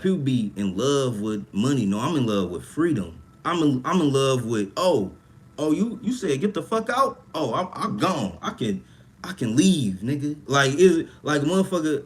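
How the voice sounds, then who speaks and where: A young man hosting a casual livestream, talking in a profane, rambling way and reacting to chat comments. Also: medium pitch. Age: young adult. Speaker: livestream host. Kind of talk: casual livestream talk about money.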